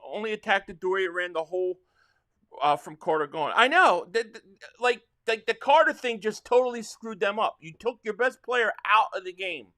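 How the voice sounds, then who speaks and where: High, lively frustrated football fan streamer. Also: male voice. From Philadelphia area. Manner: frustrated, rambling fan talk reading super chats. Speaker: livestream reaction host. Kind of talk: live sports reaction stream.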